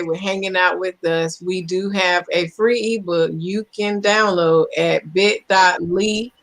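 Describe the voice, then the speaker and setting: A woman's voice: mid-range voice, a bit bright. A woman guest co-author speaking carefully and gratefully in a casual online interview.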